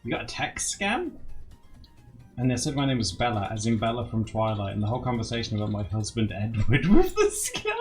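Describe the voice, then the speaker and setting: A man's voice: mid-range voice, huge pitch swings, brisk. Playful guy streamer chatting to chat, voice jumps all over, faint music behind. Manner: giggly, playful, bouncing between voices. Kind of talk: casual live-stream chat.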